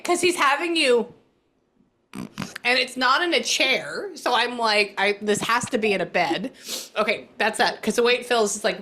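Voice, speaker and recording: A woman psychic medium giving a casual reading, animated and blunt, swearing freely as she relays messages. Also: on the low side.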